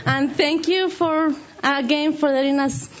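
High-voiced woman, excited and nervous. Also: unhurried. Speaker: new citizen giving a speech. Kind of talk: short ceremony speech. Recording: dull lo-fi recording.

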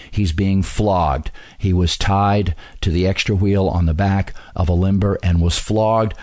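Brief: man with a low voice, casual reviewer, halting delivery, dry close sound. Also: darkish tone, dry recording. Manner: halting, many fillers and restarts. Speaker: film reviewer and history commentator.

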